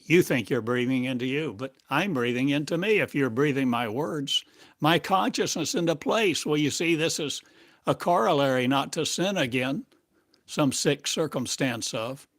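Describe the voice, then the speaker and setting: A man giving a channeled spiritual monologue as a teacher, speaking in drawn-out phrases and asking one rhetorical question after another. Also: medium pitch, fairly bright tone, no echo, clean studio sound.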